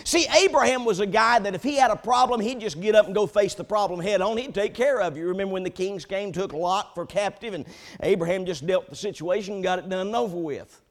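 A man preaching a sermon, telling a story with animated build-ups before turning to the scripture text. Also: sits high, brisk. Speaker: pastor.

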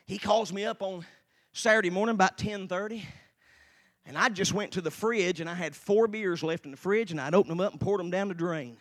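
A preacher in his forties giving a sermon, telling his own story and swinging from quiet storytelling to slow, shouted fervor. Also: high-pitched. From Tennessee. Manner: shouts and slows down in the fervent parts, quiet and fast in the storytelling.

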